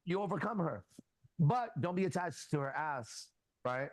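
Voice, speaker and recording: A man with a fairly high voice hosts a casual talk, giving blunt, profane advice to a younger guy. He slips into animated stories and acts out the dialogue. The sound is dry and close. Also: normal speed, no echo. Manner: animated anecdotes with quoted dialogue. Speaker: host.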